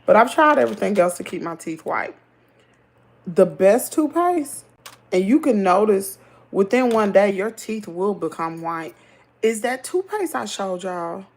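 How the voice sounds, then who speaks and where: Gravelly Southern woman chatting on a livestream. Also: medium pitch, measured pace. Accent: Southern American. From Southern United States. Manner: chatty, animated, laughs easily. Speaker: livestream host. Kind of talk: casual live chat reading comments.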